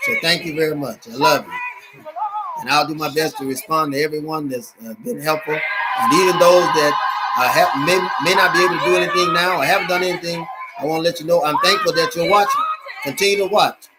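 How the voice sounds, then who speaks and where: A male minister addressing his viewers in a livestream, speaking in halting, earnest appeals full of pauses, fillers and restarts. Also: fairly high pitch, very noisy. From United States.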